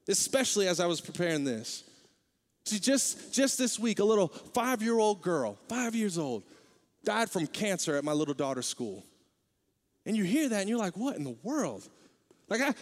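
A young man preaching a sermon as pastor, talking in a candid, conversational way and growing animated. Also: very high-pitched, in a large hall.

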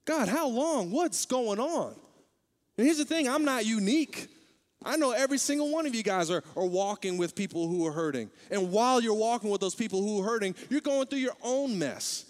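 A young man preaching a sermon as pastor, talking in a candid, conversational way and growing animated. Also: high-pitched, a little fast, long reverb tail.

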